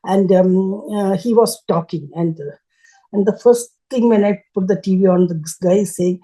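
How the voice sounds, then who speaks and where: An older woman telling a personal devotional story as a guest, speaking haltingly and often restarting as she searches for words. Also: mid-range voice, warm tone, low-quality recording. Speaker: guest sharing a devotional testimony.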